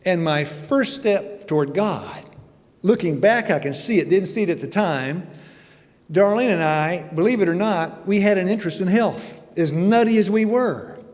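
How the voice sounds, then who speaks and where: A man's voice: high voice, animated, moderate pace, darkish tone. Folksy man in his sixties preaching. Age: 60s. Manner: folksy, joking, conversational preaching. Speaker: church elder and guest speaker. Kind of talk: sermon with personal testimony. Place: church sanctuary. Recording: long reverb of a church hall.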